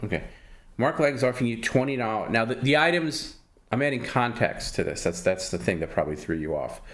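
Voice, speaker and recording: A man's voice: medium pitch, expressive, a little fast, a bit bright. A man hosting a livestream who talks in a dry, needling way and explains things patiently. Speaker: host. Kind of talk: livestream banter.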